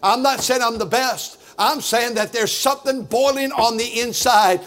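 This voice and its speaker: Loud, boisterous high-voiced preacher man. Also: moderate pace. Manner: loud and boisterous, shouting with fervor. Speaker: pastor. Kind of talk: fiery sermon.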